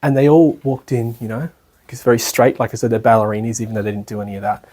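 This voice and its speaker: A man's voice: medium pitch, level tone, fast talker, warm tone. An Australian man giving a casual spoken lecture at a retreat, chatty and colloquial, often checking in with his listeners and acting out the people he describes. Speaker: spiritual lecturer. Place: lecture room at a retreat centre.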